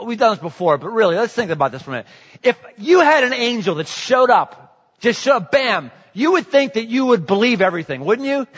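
A man preaching a sermon in a lively, joking way. He repeats himself and acts out voices. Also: high-pitched. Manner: animated, jokey, repetitive, acts out voices. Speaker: pastor. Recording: echoey hall, dull sound.

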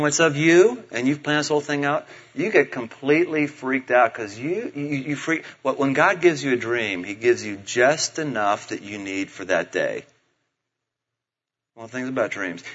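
A middle-aged man preaching a sermon, telling stories in an animated way and acting out the voices of his family. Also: medium pitch, moderate pace. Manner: animated storytelling, acts out voices of family members. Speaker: pastor. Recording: dull lo-fi sound.

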